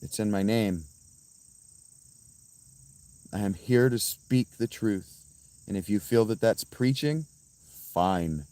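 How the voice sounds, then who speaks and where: A man livestreaming outdoors and answering his chat in a profane, combative, quick-tempered way. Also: lowish voice, dark tone, no echo. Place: outdoors by a fountain.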